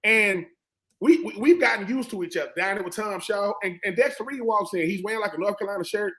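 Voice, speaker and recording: A man in his forties, a former football player on a sports talk panel, telling stories in a lively way and acting out what others said. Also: high voice, fast. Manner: animated storyteller who acts out quoted voices.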